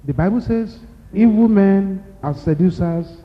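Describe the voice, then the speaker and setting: A man with a Nigerian accent preaching a sermon, emphatic and repetitive, building to loud exclamations. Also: high voice, measured pace. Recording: dull lo-fi recording in a reverberant hall.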